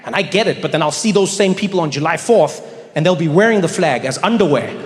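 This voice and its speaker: Animated man doing stand-up on stage. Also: on the high side, fast, very noisy. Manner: animated storytelling, addressing the audience. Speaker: stand-up comedian. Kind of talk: stand-up comedy. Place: comedy stage in a large hall. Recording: large hall with live audience.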